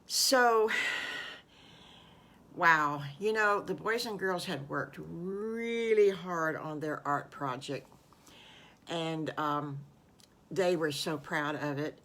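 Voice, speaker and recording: A woman's voice: low voice, takes it slowly. An older woman improvising a story for young children, doting and chatty. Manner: warm, doting, chatty with fillers.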